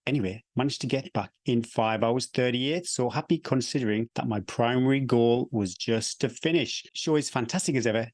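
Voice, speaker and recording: A man's voice: medium pitch, moderate pace, few pauses, no room sound. Chatty man co-hosting a podcast. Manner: chatty, reads listener mail aloud, laughs often. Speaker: podcast co-host. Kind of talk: casual podcast chat.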